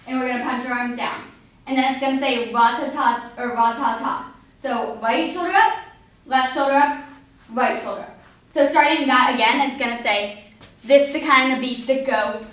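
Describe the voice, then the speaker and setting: A woman's voice: high-pitched, moderate pace, fairly bright tone. A young woman teaching a line dance step by step, upbeat and counting out the moves. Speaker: dance instructor. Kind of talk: instructional dance walkthrough. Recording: echoey hall, voice from far off.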